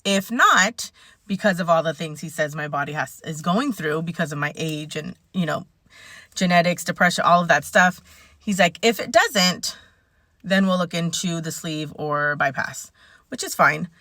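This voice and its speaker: A woman's voice: lowish voice, lively intonation, normal speed, bright, forceful tone, dry recording, studio quality. A woman in her forties talking in a casual, rambling and candid vlog rant. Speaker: vlogger.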